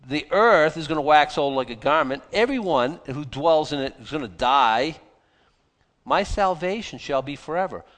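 A man preaching a Bible sermon in a conversational, animated way, often restarting and breaking into asides. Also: on the high side, normal speed. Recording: long hall reverb.

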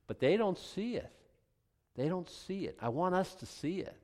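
A man preaching a sermon, acting out little scenes and swinging between loud outbursts and hushed asides. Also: high-pitched, expressive, normal speed. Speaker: pastor.

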